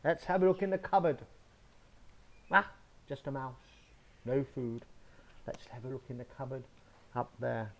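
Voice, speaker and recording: A man's voice: medium pitch, fairly even intonation, measured pace, vocal fry, pauses often, sharp tone, highs cut off. A man putting on the hungry big bad wolf. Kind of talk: reading a picture book aloud to children.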